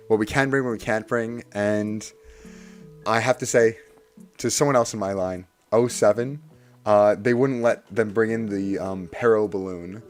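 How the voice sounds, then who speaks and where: Excitable streamer guy, fairly low voice, theatrical repeats, faint music bed. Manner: excitable and animated, swinging from hushed to loud bursts; playfully theatrical, repeats lines for effect. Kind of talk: casual storytelling to a live stream.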